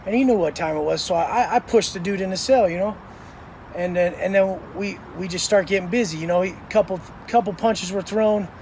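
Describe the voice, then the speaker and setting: A man with a notably high voice tells prison stories in a blunt, intense monologue. He swears constantly and bites down hard on his words, and faint outdoor noise hums behind him. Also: fairly quick, vocal fry, a little mellow. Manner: intense, blunt and swearing heavily, acting out others' lines. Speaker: host telling prison stories. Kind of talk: profane storytelling monologue.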